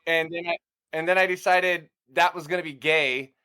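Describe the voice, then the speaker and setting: A man's voice: on the high side, steady tone, moderate pace, bright, forceful tone, clean tone, dry recording, studio quality. A man guesting on a casual podcast, telling stories in a brash, profane way. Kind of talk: casual chat.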